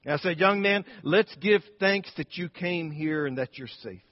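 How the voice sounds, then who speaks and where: A man's voice: on the high side, normal speed, long reverb tail, lo-fi sound, natural voice. A man voicing an older Christian grandmother, firm and kindly, speaking in an earnest, emphatic way. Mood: homely.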